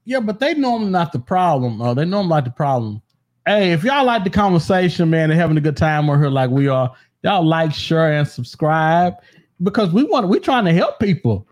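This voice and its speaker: Animated man with a high voice. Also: brisk. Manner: animated, acts out quotes with high comic voices. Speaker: podcast co-host. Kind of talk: casual chat.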